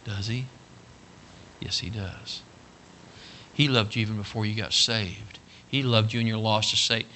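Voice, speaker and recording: A man preaching an earnest, folksy sermon that swings between hushed and loud. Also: lowish voice, fairly even intonation, measured pace, long pauses, slight background noise.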